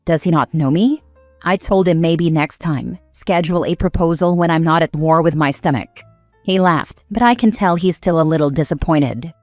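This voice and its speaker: A woman with a somewhat low voice reads online posts aloud in an even, conversational storytime manner. Her voice is close and dry, with faint music running quietly underneath. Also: no echo. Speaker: narrator reading online posts. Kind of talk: storytime narration. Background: faint background music.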